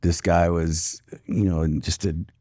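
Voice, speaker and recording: A man's voice: low voice, level tone, takes it slowly, dark tone, no room sound, clean studio sound. A man in his fifties, a retired police commander and podcast guest, telling a personal story in an earnest, reflective way with many "you know" fillers.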